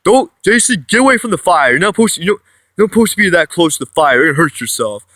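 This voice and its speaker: A man acting out a furious, blustering middle-aged stepfather who shouts and repeats himself, recorded on a phone. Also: sits high, very animated, very fast, no echo, clean studio sound. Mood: scolding.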